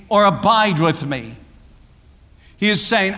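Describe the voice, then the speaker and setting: A man's voice: high-pitched, lively intonation, slow, pauses often, sharp tone, long reverb tail. A man preaching a sermon, building his points through emphatic, repeated phrases. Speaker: pastor.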